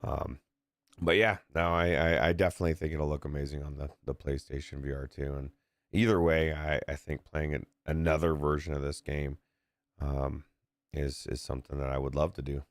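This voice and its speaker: A very deep-voiced man co-hosting a casual game review podcast. He stammers and repeats words as he chats. The sound is dry and close. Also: flat delivery, normal speed, dry recording. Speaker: podcast co-host.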